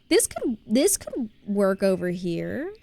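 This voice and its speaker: A woman with a medium-pitched, darkish voice and no echo, from New Jersey and carrying its accent. She chats casually during a live-streamed game, reading the chat and greeting viewers as they arrive.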